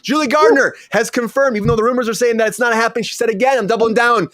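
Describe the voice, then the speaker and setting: A man hosting a live comedy entertainment news show over a video call, excitable and rambling, repeating words. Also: very high-pitched, very fast, no room sound, clean studio sound. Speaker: host.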